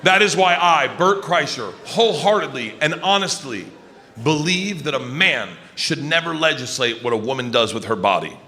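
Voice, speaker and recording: A man in his fifties telling stand-up stories on stage, loud and swinging between low asides and shouted high bursts. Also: animated, normal speed. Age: 50s. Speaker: stand-up comedian. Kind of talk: stand-up comedy storytelling. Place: large arena on stage. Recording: live show with clear crowd noise. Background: audience laughter.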